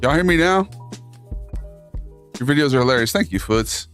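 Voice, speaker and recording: A man's voice: medium pitch, expressive, normal speed, a bit bright, faint music behind. A man hosting a live stream, chatting casually with his chat in a laid-back, sarcastic, slangy way. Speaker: livestream host reading chat.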